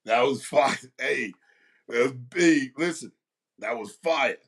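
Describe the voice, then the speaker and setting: A man's voice: mid-range voice, slow pace, fairly bright tone. A man hosting a youth sports show, talking loosely and with energy, full of slang and repeated phrases for emphasis. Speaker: youth sports league host. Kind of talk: casual monologue with shout-outs.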